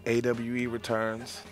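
Man in middle pitch, pro wrestler guest, brash taunting promo delivery, light music under. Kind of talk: trash-talking studio banter.

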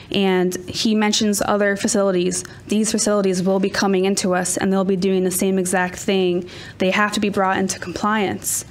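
A woman, a town official, calmly explaining rules at a public meeting. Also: mid-range voice. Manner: measured, explanatory.

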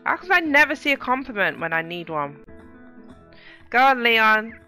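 Bright-voiced woman playing a game. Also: on the high side, sing-song, normal speed, soft background music. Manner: chatty, exclaims at the game, talks to viewers. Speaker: gaming channel host. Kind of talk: casual let's play commentary.

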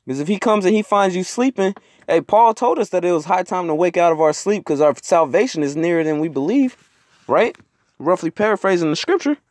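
Man, fairly high voice, casual street-slang sermon, close dry phone recording. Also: no echo. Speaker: preacher. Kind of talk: informal sermon with scripture reading. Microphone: phone screen recording.

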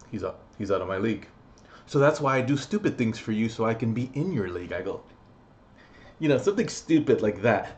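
A young man rants at his viewers with sarcastic, profane energy. His voice sits at an average pitch and keeps swinging between mocking murmurs and loud bursts. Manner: profane, addresses viewer directly. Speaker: vlogger. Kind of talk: comedic rant to camera.

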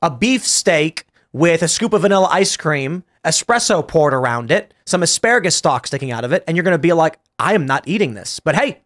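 Argumentative man, slightly high voice. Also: brisk, hardly any pauses. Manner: animated, argumentative storytelling with restarts. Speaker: podcast host. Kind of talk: casual panel debate.

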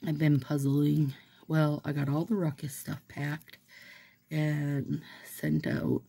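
A woman vlogger chats casually while she does a manicure. Her voice is slow and mellow, with a gravelly, husky texture. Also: sits low, animated. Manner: rambling, chatty, laughs often.

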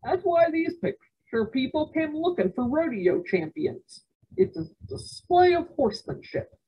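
A woman's voice: high voice, big pitch swings, unhurried, highs cut off, pitched above the performer's own voice, exaggerated voice. A woman voicing an earnest, slightly anxious teenage brother in a read-aloud story. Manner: earnest, explaining.

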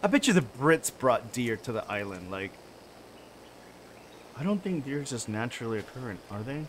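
Man, gaming host, casual let's-play chatter, lively pitch, faint background noise. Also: moderate pace. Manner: chatty, animated, bursts into high yelps and shouts.

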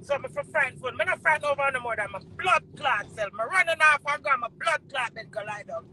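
A woman with a Jamaican accent delivers an angry, profane monologue, repeating curses over and over. Her voice is high, bright and pushed, fast and animated, and the rough recording has a little hiss or hum.

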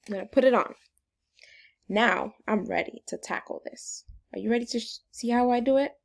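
A woman's voice: on the high side, normal speed, vocal fry. Upbeat sing-song woman teaching phonics. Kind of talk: remote phonics lesson for young children.

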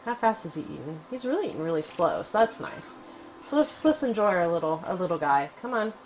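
A woman hosting casual gameplay commentary, chatty and excitable, cooing fondly at her in-game pet. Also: lowish voice, fairly quick, a little hiss or hum, low-quality recording. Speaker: gaming channel host.

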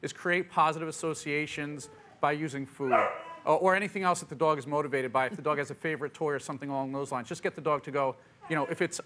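A man answering audience questions as a pet expert on a TV talk show, upbeat and quick. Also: fairly high pitch, heavy background noise. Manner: upbeat, quick, puts on dog voices in quotes. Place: TV studio with audience.

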